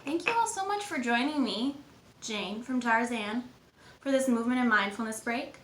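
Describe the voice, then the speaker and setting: A woman's voice: a little high, animated, moderate pace, a bit bright, slight background noise. A young woman playing Jane and leading children through a movement and mindfulness lesson in an upbeat, encouraging way. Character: cheerful young woman adventurer, friendly guide. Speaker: kids' movement and mindfulness instructor. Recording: echoey room, faint ambience.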